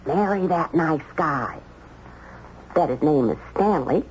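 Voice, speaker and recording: A woman's voice: low voice, lively intonation, slow pace, a little mellow. A woman playing a brassy, streetwise older hotel maid in a 1970s radio drama, slangy and nosy. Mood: advising. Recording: dull old radio broadcast with faint hiss.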